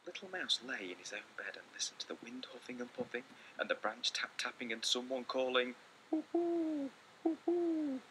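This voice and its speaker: A man reading a children's picture book aloud with lots of expression, often dropping into hushed whispers. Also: medium pitch, a little fast, few pauses, slight background noise, rough recording. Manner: theatrical, slipping into hushed whispers. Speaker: storyteller.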